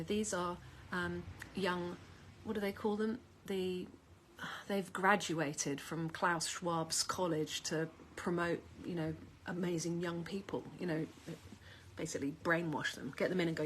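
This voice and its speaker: A woman's voice: on the low side, fairly even intonation, measured pace, slight background noise. Chatty woman rambling at home. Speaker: vlogger. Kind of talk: casual chat to camera.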